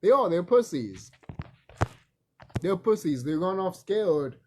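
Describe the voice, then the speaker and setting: A man's voice: high-pitched, very animated, slow pace, slight background noise. A man talking in a casual, rambling vlog monologue, emphatic and profane, repeating himself and laughing often. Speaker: vlogger.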